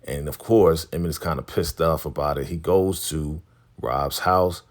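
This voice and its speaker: A man's voice: very deep voice, fairly even intonation, normal speed. A man casually recapping a TV episode, retelling scenes in a loose, conversational way and paraphrasing what the characters say. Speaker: TV recap vlogger.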